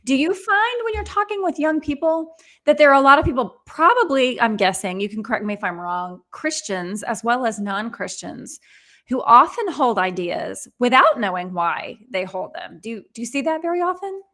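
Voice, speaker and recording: A woman's voice: fairly high pitch, animated, moderate pace, sharp tone. Thoughtful woman interview host. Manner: thoughtful, hedging. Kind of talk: interview conversation.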